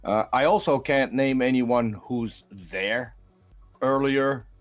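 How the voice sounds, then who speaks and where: A man's voice: mid-range voice, slow pace, soft background music. A man giving a tribute on a casual group call, stammering through restarts.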